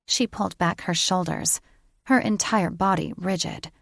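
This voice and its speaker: A woman narrates a fantasy novel at a slow, deliberate pace. Her storytelling is measured and even. The voice sits close and dry, with no room sound around it. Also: lowish voice, creaky, no room sound. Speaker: audiobook narrator. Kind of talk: scripted audiobook narration.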